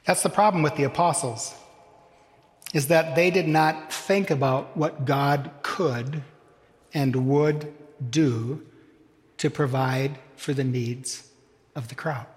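A man preaching a sermon as pastor, slow and deliberate with dramatic pauses, addressing his congregation. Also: fairly high pitch, steady tone. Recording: long hall reverb.

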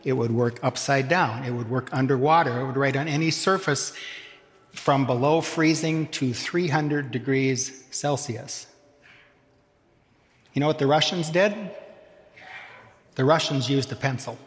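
A man preaching a sermon as pastor, slow and deliberate with dramatic pauses, addressing his congregation. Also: medium pitch. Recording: long hall reverb.

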